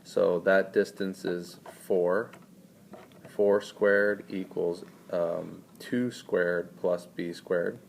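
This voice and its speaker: A man's voice: low voice, fairly even intonation, very slow, vocal fry, slight background noise. A man tutoring math in a screencast lesson, walking students through each step and quizzing them as he goes.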